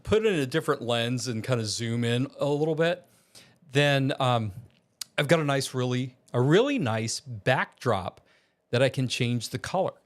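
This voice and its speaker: Chatty vlogger from Virginia. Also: male voice, medium pitch, animated, moderate pace. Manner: chatty, rambling with many fillers and restarts. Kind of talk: casual vlog. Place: home studio.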